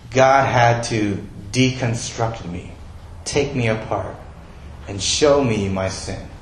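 A man's voice: mid-range voice, steady tone, unhurried, echoey room, a little hiss or hum, low-quality recording. A male pastor giving a sermon in a conversational way, asking his listeners questions.

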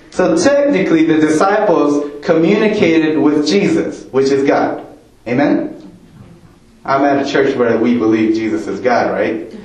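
Slow-talking man preaching in a church. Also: mid-range voice, a little mellow. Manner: conversational, questioning the congregation. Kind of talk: sermon. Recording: roomy church echo.

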